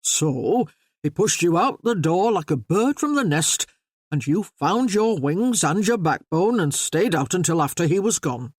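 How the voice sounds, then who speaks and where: A narrator doing a hearty Yorkshire gentleman. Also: medium pitch, lively intonation, unhurried, slightly rough, dry recording, studio quality. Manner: hearty, blunt.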